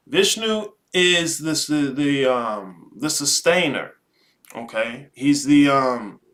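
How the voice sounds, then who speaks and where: A man hosting a live stream, talking casually and profanely, swinging between low musing and loud preachy rants. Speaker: live show host.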